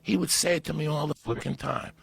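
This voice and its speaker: Gravelly husky guy ranting and swearing on a podcast, dry close mic. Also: on the high side, fast talker, dry recording. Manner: profane, loud storyteller who breaks into laughter. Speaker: podcast guest. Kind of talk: casual storytelling chat.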